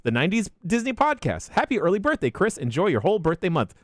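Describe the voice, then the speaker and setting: A man hosting a podcast, reading a rapid list of listener shout-outs in a deadpan way with crude jokes. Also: no echo, clean studio sound. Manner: deadpan delivery with sudden pitch jumps and crude jokes.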